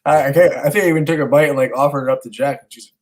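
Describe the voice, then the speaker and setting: A man in his thirties, a podcast co-host, telling a rambling and animated story in casual chat with some swearing. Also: on the high side, very fast, poor audio. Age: 30s.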